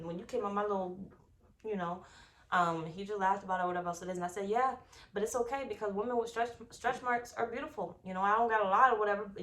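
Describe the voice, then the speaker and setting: A young adult woman talking straight to her viewers in a casual tarot reading. Her voice sits a little high, and she swears freely and loads each point with emphatic force. She rambles off on side stories and keeps checking in with "okay?". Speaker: tarot reader.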